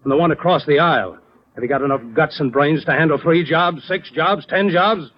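A stern, lecturing company boss with a fairly high voice, played by an actor, dry and sarcastic when pushed. The sound is dull and lo-fi, like an old radio broadcast. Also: male voice, a little fast, close to an everyday voice. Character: Mr. Evans, a gruff, principled male boss. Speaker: insurance company owner. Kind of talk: 1940s radio acting.

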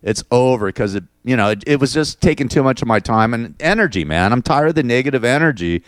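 A man's voice: medium pitch, expressive, fast, no echo, studio quality. A middle-aged man hosting his own show, venting in a rambling, crude, casual monologue full of restarts and "man". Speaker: podcast host.

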